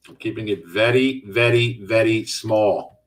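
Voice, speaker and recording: Middle-aged male trading host, lowish voice, loose live-chat delivery, sitting a little back from the mic. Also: unhurried, far from the mic. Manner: casual, reads out and answers viewer chat while trading. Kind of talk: live trading stream commentary.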